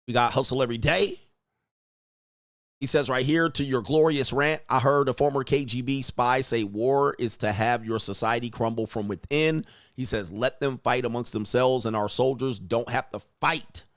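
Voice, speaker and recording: A man's voice: mid-range voice, normal speed, no room sound. Male stream host, mid-range voice, crude and blunt ranting style, reads donations, dry close sound. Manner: reads viewer messages aloud. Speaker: livestream host reading donations. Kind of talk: casual livestream rant.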